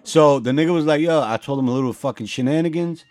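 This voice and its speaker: A man from the Bronx, hosting a casual podcast and telling profane, animated stories. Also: fairly high pitch, fast talker. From the Bronx, New York. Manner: profane, animated storytelling with acted-out voices. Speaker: podcast host. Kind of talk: casual chat.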